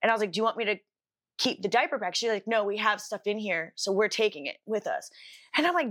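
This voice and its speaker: Talking fast and animated, this young female podcast co-host has a mid-range, fairly bright voice. Her story wanders in casual chat, loaded with fillers and curse words.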